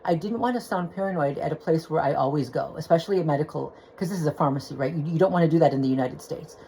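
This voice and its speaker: Low-pitched woman ranting on her phone, all stops and restarts, swears a lot. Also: fast, mellow, a little hiss or hum, low-quality recording. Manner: agitated, rambling with restarts and swearing. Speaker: vlogger. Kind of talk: venting personal story.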